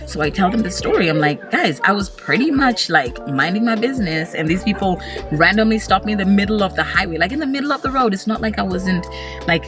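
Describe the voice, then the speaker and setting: A woman vlogger recounts a story to the camera in a lively, casual way. Her pitch sits in the middle range, and she fills her sentences with "like". Music plays clearly underneath her voice. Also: fast talker. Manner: animated, lots of "like" fillers.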